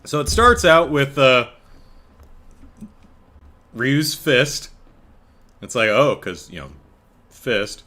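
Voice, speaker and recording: A man's voice: medium pitch, animated, slow, long pauses, sharp tone. A man hosting a casual solo podcast from home, telling stories in a wry, chuckling way with lots of restarts. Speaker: podcast host. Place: home, apartment.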